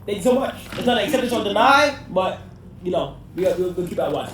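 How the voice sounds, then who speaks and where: Man, interviewer, blunt and teasing, lively pitch, far off in a very echoey room. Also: fast, a little hiss or hum. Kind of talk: casual interview. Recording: echoey, distant mic.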